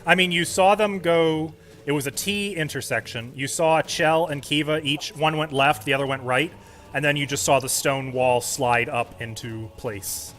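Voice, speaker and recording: A man's voice: on the high side, normal speed, fairly bright tone. A man acting as game master, patiently explaining the rules to his players. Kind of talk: running a tabletop game.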